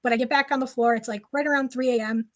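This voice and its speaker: A woman sits as a guest on a podcast and tells a personal story in an animated, casual way. Her voice sits a bit higher than most, and "like" keeps popping into her sentences. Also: fast talker. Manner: animated, frequent "like" fillers.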